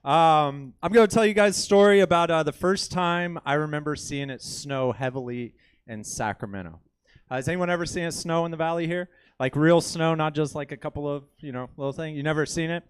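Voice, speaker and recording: A man's voice: on the high side, a little fast, clear, resonant tone, no room sound. Rambling self-deprecating male comedian. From Indiana. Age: 30s. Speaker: stand-up comedian. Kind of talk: stand-up storytelling. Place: comedy club stage.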